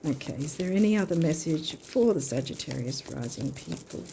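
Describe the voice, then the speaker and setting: A woman's voice: sits low, animated, moderate pace, gravelly, hardly any pauses, background noise. A woman giving a casual astrology and card reading, chatty and thinking aloud with hesitations.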